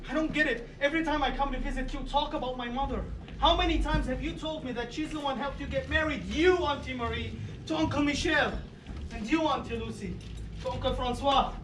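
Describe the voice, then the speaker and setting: A man's voice: extremely high pitch, background noise. An actor playing a grieving young man who pleads with his family, in a live stage play recorded from a distant microphone in a roomy space. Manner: earnest, pleading stage delivery.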